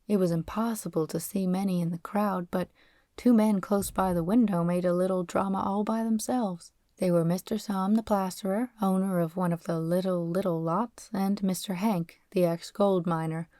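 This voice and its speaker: A woman narrating a novel as an audiobook, reading in a steady, expressive way. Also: on the low side, no room sound, clean studio sound.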